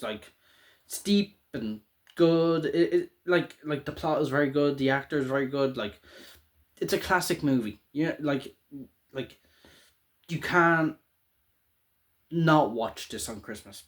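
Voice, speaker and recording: A young man talks through a film in an easygoing solo chat. He rambles, restarts his sentences and leans on filler words, with a voice of middling pitch. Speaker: show host reviewing a film. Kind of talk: casual monologue.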